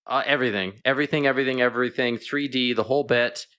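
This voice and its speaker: A middle-aged man, a veterinarian guest, chatting and telling animated stories in a radio interview. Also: mid-range voice, quick pace.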